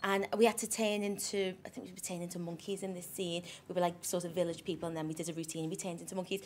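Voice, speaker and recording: A woman's voice: lowish voice, fairly even intonation, rapid-fire, a little mellow, a little hiss or hum. A woman, a radio co-presenter, chatting and laughing as she tells stories.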